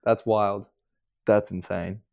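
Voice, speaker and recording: A man's voice: fairly low pitch, flat delivery, slow pace, creaky, darkish tone, smooth. A man hosting a podcast at home, asking eager, rambling questions full of fillers. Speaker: podcast host. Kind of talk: casual interview chat. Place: living room of a house at night.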